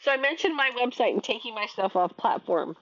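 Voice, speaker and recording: A woman's voice: on the high side, expressive, fairly quick, a bit bright, no echo, highs cut off. A woman in her thirties, an online teacher, venting her frustration in a casual talk to camera, often restarting her sentences.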